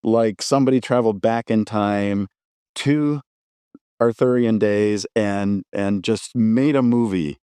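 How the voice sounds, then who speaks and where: Smooth-voiced man, dry close mic. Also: fairly low pitch, takes it slowly, mellow, no echo. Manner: thoughtful, trails off and restarts while recalling. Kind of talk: casual film podcast chat.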